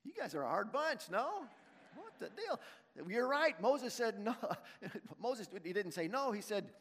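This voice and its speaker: Male preacher, high voice, storytelling sermon, long hall reverb. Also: very animated, a little slow, fairly bright tone. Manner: storytelling, asking the congregation questions.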